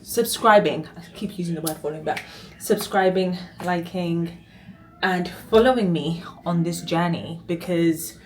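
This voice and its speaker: Chatty woman vlogging, low-ish voice. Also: poor audio. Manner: chatty and rambling, quick asides, easy laughs. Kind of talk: casual vlog chat to camera.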